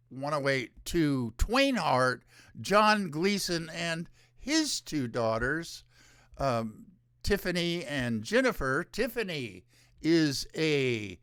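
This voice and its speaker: Sarcastic, slow-talking male show host. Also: a little high, a bit bright, smooth, no echo, clean studio sound. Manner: sarcastic, rambling. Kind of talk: casual solo commentary.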